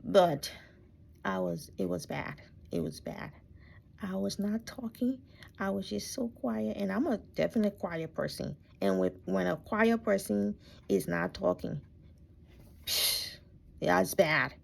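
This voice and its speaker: Gravelly-voiced woman, soft and near-whispered. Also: mid-range voice, lively intonation, slow pace, long pauses. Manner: soft and reflective, often dropping to a near whisper; emotional, close to tears. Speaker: vlogger telling her life story. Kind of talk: personal storytelling. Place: her bedroom.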